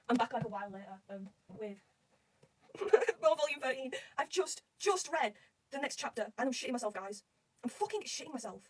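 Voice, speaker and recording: A woman's voice: a little high, brisk, slightly rough, recorded from a distance, rough recording. A woman gushing and swearing as she rambles through the plot of a comic she is reading, in a casual reaction vlog. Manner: excitable, gushing, swears constantly. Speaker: manga reader reacting.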